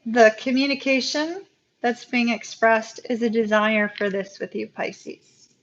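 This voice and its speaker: A fairly high-voiced woman reads tarot cards on a live stream. She talks slowly and emotionally to her viewers, and the audio is dull and lo-fi. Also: fairly even intonation. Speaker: tarot reader.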